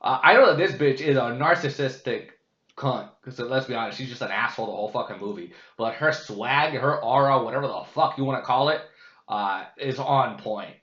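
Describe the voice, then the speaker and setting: A man rambles candidly through a casual vlogcast monologue, swearing freely and restarting his sentences. His voice is bright and forceful. The room sounds echoey and the recording a little dull. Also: mid-range voice, brisk. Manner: profane, candid, heavy with fillers and restarts. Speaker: vlogcast host. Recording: roomy, slightly dull sound.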